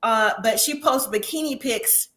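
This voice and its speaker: Chatty, opinionated woman host with a bright, slightly high voice for a casual review stream. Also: a little slow. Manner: chatty, opinionated, laughs often. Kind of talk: casual live review chat.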